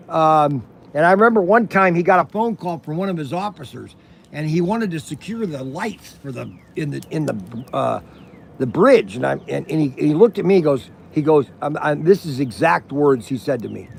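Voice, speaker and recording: A man's voice: a little high, vocal fry, slight background noise. Older man telling rambling stories. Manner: rambling, acts out quoted voices. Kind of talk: casual storytelling. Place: outdoor campfire at an RV park.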